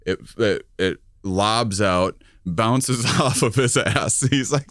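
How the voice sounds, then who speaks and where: Unhurried man telling a funny story. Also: on the low side, a bit bright, smooth, no room sound, clean studio sound. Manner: rambling anecdote, laughing through it. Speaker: podcast co-host. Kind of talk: comedic storytelling.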